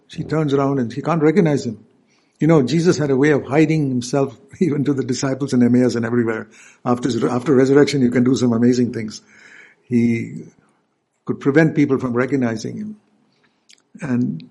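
A man's voice: medium pitch, normal speed, long pauses, warm tone, slightly rough. A male preacher giving an earnest sermon, stopping to explain scripture verses.

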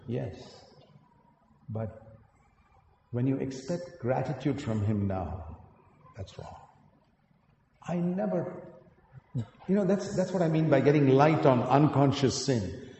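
A man preaching a sermon with earnest storytelling, climbing to emphatic peaks and then dropping quiet. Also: medium pitch, expressive, slow, creaky, long pauses, slight background noise. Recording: echoey hall, picked up from a distance.

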